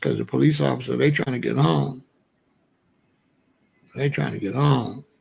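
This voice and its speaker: A middle-aged man hosting a commentary show, telling a street story in a casual, animated way. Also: mid-range voice, moderate pace, gravelly, breathy edge. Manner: animated storyteller, breaks into quoted dialogue.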